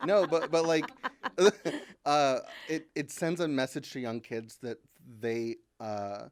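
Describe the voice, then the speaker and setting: A woman from Kentucky, a comedian and writer, talking as a podcast guest in casual chat. She is animated and self-deprecating, laughs often, and uses many fillers. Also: low-pitched, slow. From Kentucky, USA. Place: podcast studio.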